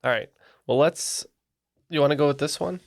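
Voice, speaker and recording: A man co-hosting a trivia podcast in a studio, thinking aloud with halting pauses. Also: fairly high pitch, vocal fry, dry recording. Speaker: trivia podcast co-host and contestant. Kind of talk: casual chat.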